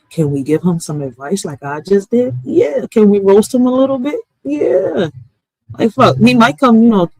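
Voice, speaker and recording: Fairly low in pitch and somewhat dark in tone, this woman is a streamer and poet ranting loosely to her chat, with heavy cursing and lots of slang. The recording has no echo but is low in quality.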